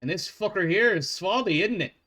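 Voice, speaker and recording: Man putting on a gruff Scottish dwarf. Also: sits high, lively intonation, fairly quick, sharp tone, voice pushed up, heavily acted. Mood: smug. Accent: put-on Scottish. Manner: boisterous, swearing. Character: gruff male dwarf bounty hunter, crude and cocky.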